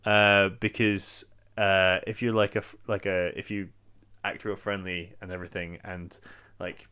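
A man's voice: sits low, little pitch movement, unhurried, pushed and bright, smooth. A young man in casual podcast chat, hesitant and often repeating words as he searches for them. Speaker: podcast co-host.

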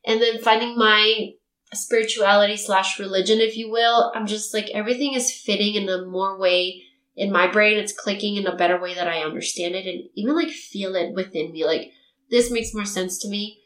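Animated young woman telling a story, echoey room. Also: mid-range voice, moderate pace. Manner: animated storytelling, acting out quotes. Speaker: podcast host. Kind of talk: casual chat.

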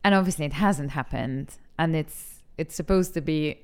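A young adult actress from Malta, speaking openly and with feeling in an interview, laughing easily. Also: female voice, low voice, normal speed, a little mellow, smooth. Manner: candid and emotional, laughs easily. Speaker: actress and TV talent show judge. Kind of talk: frank interview conversation.

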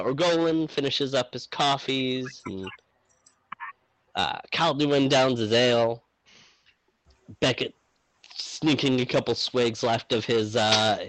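A man's voice: medium pitch, fairly bright tone, poor audio. A man running a tabletop game as game master, narrating in a rambling way with many fillers.

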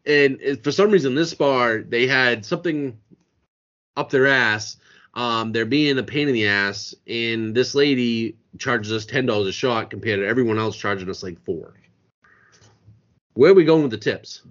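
A man's voice: medium pitch, moderate pace, fairly bright tone. A man with a New England accent from Maine, co-hosting a casual sports podcast, telling stories animatedly and swearing freely. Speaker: podcast co-host. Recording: dull lo-fi audio.

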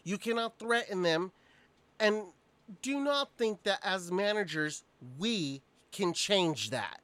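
A man's voice: sits high, lively intonation, takes it slowly, fairly bright tone, dry recording. A man, a restaurant manager, telling a work story in casual, profane podcast chat.

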